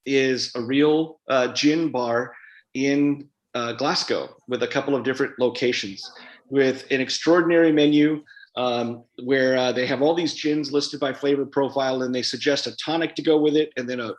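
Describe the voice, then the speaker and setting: A man's voice: mid-range voice, moderate pace. A man, an author guest at a live event interview, talking in a chatty, rambling way with many fillers and restarts. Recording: roomy hall sound.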